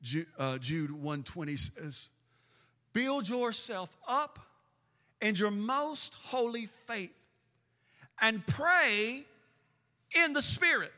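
A man preaching a sermon as pastor, swinging between emphatic bursts and slow, drawn-out phrases. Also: high-pitched, sing-song, sharp tone. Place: church sanctuary with a band. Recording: long hall reverb with faint band music.

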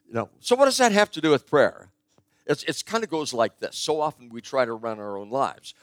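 A man's voice: mid-range voice, lively intonation, brisk, dry recording. An older man preaching a sermon in a conversational, storytelling way, stressing his key points. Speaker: pastor.

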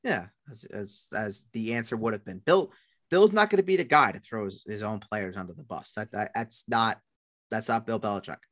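A man with a New York accent co-hosting a casual sports podcast, blunt and profane, trailing off into low mumbled asides. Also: animated, normal speed, fairly bright tone. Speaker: podcast co-host.

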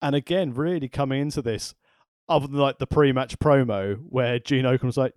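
Podcast co-host dude, dry jokey asides, mid voice, no room sound. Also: male voice, medium pitch, fairly quick, darkish tone, dry recording. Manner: wry, joking asides. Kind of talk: casual chat.

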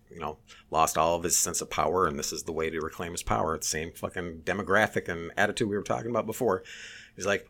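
A man telling a story in casual chat, animated and swearing, mimicking others in a high voice.

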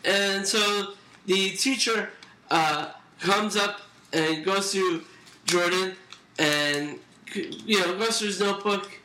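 A young man with a high, very bright voice chats and tells stories in a loose, rambling way, full of fillers. The sound is roomy and echoey, with faint noise underneath. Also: slow. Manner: laid-back storytelling with frequent fillers and laughs. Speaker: podcast co-host. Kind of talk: casual chat.

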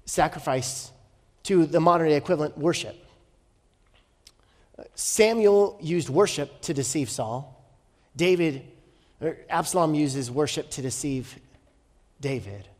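A male pastor preaching a sermon, telling a story with rhetorical questions and dropping from loud to hushed. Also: on the high side, lively intonation, a little slow, pauses often. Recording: long hall reverb.

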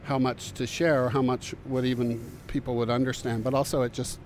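An older man giving a reflective interview, speaking thoughtfully with frequent pauses, fillers and restarts. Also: medium pitch, level tone, darkish tone, a little hiss or hum. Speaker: interviewee recalling community work.

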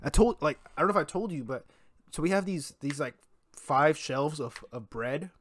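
Podcast guy ranting about work, kinda high pitched, cussing, dead dry mic. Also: normal speed, no echo. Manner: profane, animated storytelling with laughs. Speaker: podcast co-host. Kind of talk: casual chat.

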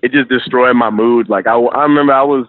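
A man's voice: mid-range voice, steady tone, brisk, a little hiss or hum. Man with a New York accent on a tinny line. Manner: profane, laid-back storytelling with slang. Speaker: guest. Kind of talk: casual interview.

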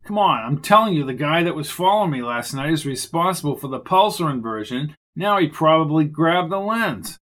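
A man's voice: a little high, animated, brisk, hardly any pauses, fairly bright tone. A man reading the lines of a grumpy, sarcastic male detective in a clipped manner. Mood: gruff sardonic.

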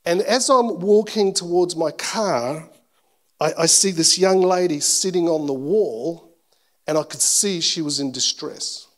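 A male pastor preaching a sermon at a church service, telling a personal story in an animated, self-deprecating way. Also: on the high side, a little slow.

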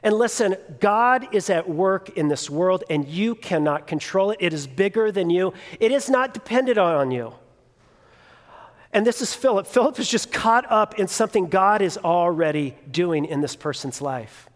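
In a church sanctuary with long, echoing reverb, a thirties-aged male pastor shares a personal anecdote during his sermon. His voice is high and animated, paced moderately, and he speaks casually, restarting sentences and using fillers.

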